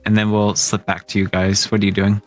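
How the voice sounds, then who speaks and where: Low-voiced man running a tabletop game, hesitant and descriptive. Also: completely flat delivery, a little fast, soft background music. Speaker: game master.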